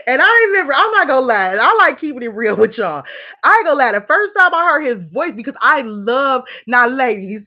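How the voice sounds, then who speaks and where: A woman's voice: fairly high pitch, moderate pace. Candid woman chatting on a lo-fi stream. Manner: candid, animated, rambling with frequent laughs. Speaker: livestream host. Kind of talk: casual live chat reading viewer comments. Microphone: streaming mic. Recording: dull lo-fi stream audio.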